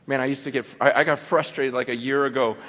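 A male pastor preaching a sermon, impassioned, building to near shouts and then dropping low and quiet. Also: fairly even intonation, fast talker. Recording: long hall reverb.

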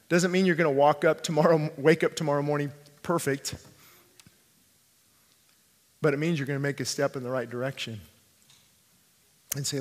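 A male pastor preaching a sermon, swinging between hushed pleading and fervent shouting and repeating phrases for emphasis. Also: a little high, moderate pace, pauses often, long reverb tail. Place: church sanctuary.

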